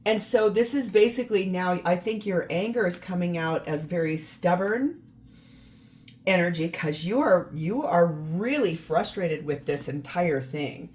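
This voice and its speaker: A woman's voice: fairly low pitch, expressive, unhurried, a little mellow. A woman giving a casual tarot reading to camera, emphatic and exasperated, often repeating words for stress. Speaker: tarot reader.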